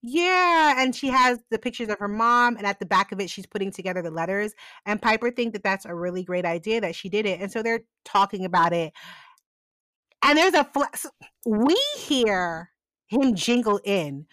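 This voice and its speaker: A woman's voice: mid-range voice, lively intonation, moderate pace, fairly bright tone, no room sound. A woman casually recapping a TV episode, acting out the characters' lines with lots of laughter. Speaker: podcast co-host recapping a TV episode.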